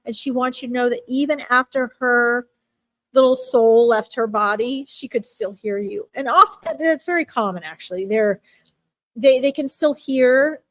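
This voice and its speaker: A woman giving a heartfelt animal reading on a live stream, her voice sitting a little high. She speaks gently and emotionally, halting often and restarting her sentences. The sound is dry and close, with no room echo.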